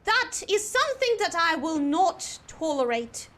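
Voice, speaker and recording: A woman's voice: extremely high pitch, big pitch swings, unhurried, fairly bright tone. A woman streamer chatting while she plays a game, talking in an affected posh English accent with a prim, fussy manner. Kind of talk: gaming livestream chat.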